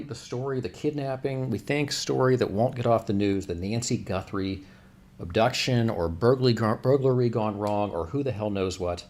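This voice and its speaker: A man's voice: mid-range voice, darkish tone. A man hosting a livestream, rambling through the news with wry self-corrections. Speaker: livestream host.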